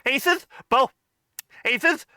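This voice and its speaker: A co-host riffing a film in casual commentary, excitable, repeating words and talking back at the screen. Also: sits high, drawn-out words, no echo, studio quality.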